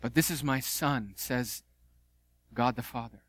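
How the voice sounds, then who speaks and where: A man preaching a sermon, animated and conversational, with playful asides. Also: medium pitch, unhurried, no room sound. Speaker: pastor.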